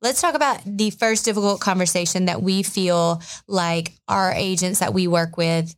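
A woman's voice: lowish voice, moderate pace. A woman co-hosting a podcast, chatting casually with many fillers and a self-deprecating tone. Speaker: podcast co-host.

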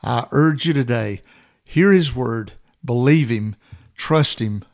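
A man's voice: mid-range voice, slow, vocal fry, background noise. A man preaching a sermon, earnest and exhorting, building to emphatic repeated phrases.

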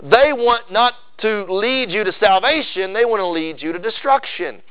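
A man preaching a sermon with emphatic delivery, swinging into loud, high bursts on key phrases. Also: normal speed, clean tone, highs cut off. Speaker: pastor.

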